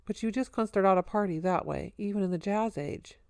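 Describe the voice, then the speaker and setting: A woman narrating a story in an even, wry storytelling manner. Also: mid-range voice, brisk, clean tone, no echo. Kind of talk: audiobook narration.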